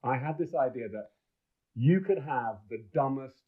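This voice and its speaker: A man's voice: medium pitch, lively intonation, unhurried. A middle-aged man, a film director and podcast guest, telling enthusiastic, rambling stories with many restarts. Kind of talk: casual podcast storytelling. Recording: dull lo-fi sound.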